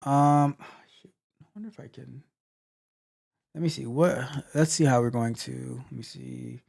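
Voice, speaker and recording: A male tech coach walks through live code in a creaky, mid-range voice with a darkish tone. He reasons out loud, stopping and restarting and trailing off.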